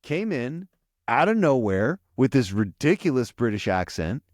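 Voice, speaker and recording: A man's voice: mid-range voice, very animated, measured pace, no echo, studio quality. A man co-hosting a casual podcast, recapping a TV episode in a rambling way with many restarts. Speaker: podcast co-host.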